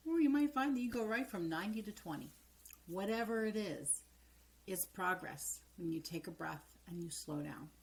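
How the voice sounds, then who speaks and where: A middle-aged woman, a transformational coach, giving calm step-by-step guidance and dropping to soft near-whispers when voicing affirmations. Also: medium pitch, moderate pace. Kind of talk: coaching video monologue.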